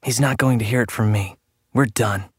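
A determined young woman speaks with firm resolve and an earnest edge, as a male narrator puts her on, his voice lifted above its usual low register. The delivery is close and dry, with no room around it. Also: moderate pace, breathy edge, dry recording. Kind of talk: audiobook character reading.

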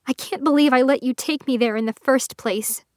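A woman's voice: high-pitched, normal speed, darkish tone, no room sound, clean studio sound, lightly acted. A woman voicing a hurt young woman who forces a cold edge into her voice in a storybook reading. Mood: recoiling.

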